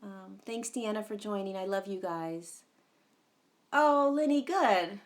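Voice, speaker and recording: Taking it slowly in a medium-pitched voice, this livestream host rambles through a casual chat with plenty of fillers. She calls out viewers by name, and an occasional curse slips in.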